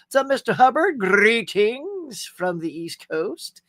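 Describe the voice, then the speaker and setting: A middle-aged man with a Southern US accent hosts a live stream, chatting casually, reading comments, laughing a lot, and greeting viewers by name. His high, sing-song voice moves slowly with a fairly bright tone. The sound is clean studio audio with no room sound.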